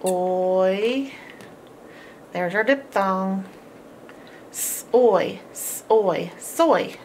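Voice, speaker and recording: A woman teaching a homeschool phonics lesson, sounding out each word slowly and repeating every sound, with encouraging praise. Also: mid-range voice, a little mellow, slight background noise. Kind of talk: slow, drawn-out phonics lesson.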